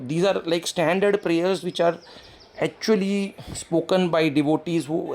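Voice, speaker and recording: A man delivers a devotional talk, explaining at length and slipping into acted-out pleas and prayers. His voice sits a little high for a man and carries a gravelly edge, with plenty of fillers along the way. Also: darkish tone. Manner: explanatory, acts out quoted prayers, frequent fillers. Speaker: spiritual teacher.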